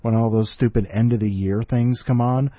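A man's voice: medium pitch, steady tone, normal speed, mellow, slightly rough, no room sound, lo-fi sound. A man hosting a casual podcast, rambling and sighing between asides. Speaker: podcast host.

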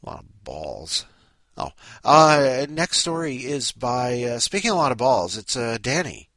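A man's voice: mid-range voice, big pitch swings, measured pace, bright, forceful tone, no echo. A man hosting a podcast in a rambling, sleepy way, full of restarts and asides. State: sleepy, up at five in the morning. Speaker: podcast host. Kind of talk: casual rambling chat.

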